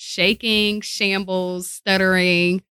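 Bright, lively woman radio personality. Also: mid-range voice, takes it slowly, clean tone, no room sound, studio quality. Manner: animated storyteller who acts out quoted voices. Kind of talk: casual interview conversation. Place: radio station studio.

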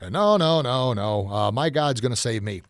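A man's voice: mid-range voice, lively intonation, normal speed, no room sound, studio quality, natural voice. A man doing a stubborn man waving off help. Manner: stubborn, dismissive. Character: stubborn man refusing rescue, trusting God.

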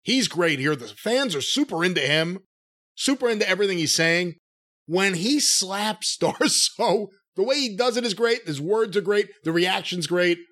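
A man's voice: high-pitched, animated, normal speed, bright, forceful tone. A man hosting a casual podcast, upbeat and enthusiastic as he sums things up for his co-host. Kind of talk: casual chat.

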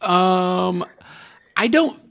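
A man chats about a movie in a casual podcast, trailing into stammered restarts. His voice sits a bit high with a gravelly fry, and he talks slowly. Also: expressive, a bit bright. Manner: slow, halting, with stammered restarts. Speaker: podcast co-host.

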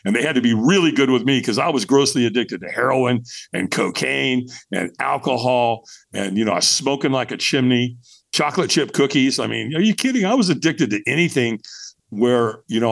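A middle-aged man telling his story as a podcast guest, candid and animated, swearing freely. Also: a little fast, gravelly, no echo. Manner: animated, jumps into high voices when quoting people. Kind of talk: storytelling in casual conversation.

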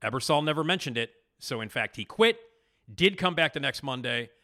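Bright-voiced man hosting a TV podcast. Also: medium pitch, fairly quick. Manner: animated retelling with fillers and laughs. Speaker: podcast host. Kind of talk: casual storytelling commentary.

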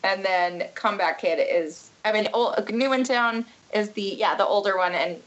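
A woman's voice: medium pitch, moderate pace, dull audio. A woman on a podcast as a guest in casual chat, giggly and gushing, full of likes. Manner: giggly, gushing, says like a lot.

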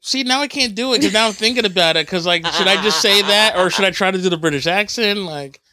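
A man's voice: high voice, fast talker, a crowd in the background. A man hosting a casual podcast, loose and rambling, often laughing at himself. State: sleepy, just woke up. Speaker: podcast host.

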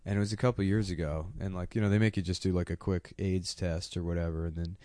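A man in a crude casual chat, telling stories deadpan and slipping into mock voices for jokes. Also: low voice, quick pace, slight background noise.

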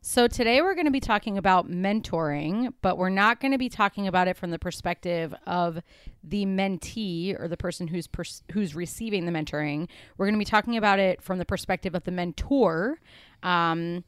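A woman's voice: lowish voice, moderate pace, smooth, no room sound, clean studio sound. A woman co-hosting a casual podcast chat from home, upbeat and chatty, trailing off with ums and likes. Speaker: podcast co-host.

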